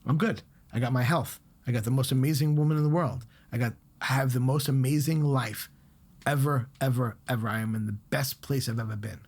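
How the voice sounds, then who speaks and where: A middle-aged man, a guest chef, talking bluntly and telling animated stories in a casual podcast chat. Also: medium pitch, brisk. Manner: blunt, animated storytelling with swearing.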